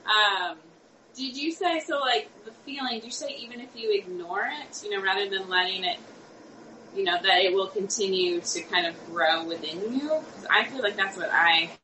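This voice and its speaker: A woman in a class asks a question in a hesitant way, leaning on fillers. She sounds distant from the mic in an echoey room. Clear background noise runs behind her. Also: medium pitch, normal speed, bright, forceful tone. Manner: tentative, many "like" fillers. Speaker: class participant.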